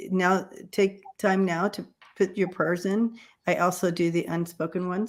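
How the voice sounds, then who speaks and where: A woman's voice: sits low, a little mellow. A woman hosting a casual livestream chat who rambles, with many fillers and restarts. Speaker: livestream host.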